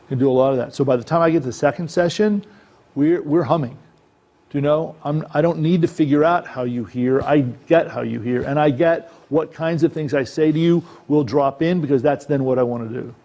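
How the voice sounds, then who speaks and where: In a presentation room, a male acting coach leads a workshop talk about acting, chatting easily and checking in with listeners as he goes. He has a fairly high-pitched, dark-toned voice and talks a little quickly.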